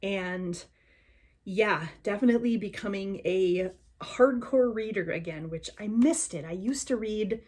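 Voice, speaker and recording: A woman's voice: mid-range voice, a little slow, a little mellow. A woman book vlogger talking casually and with enthusiasm, with lots of ums. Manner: chatty, enthusiastic, many ums. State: hiccuping. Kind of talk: casual chat.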